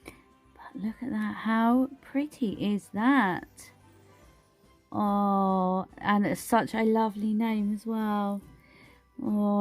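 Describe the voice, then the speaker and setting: A woman's voice: medium pitch, darkish tone. A woman vlogger chatting casually through a nail art unboxing, gushing and exclaiming over each item.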